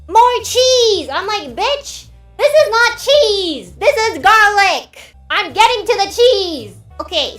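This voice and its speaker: A young woman streamer in casual chat, telling stories animatedly and swearing freely. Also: a little high. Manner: animated storytelling, swears, acts out quotes. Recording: roomy echo, faint music.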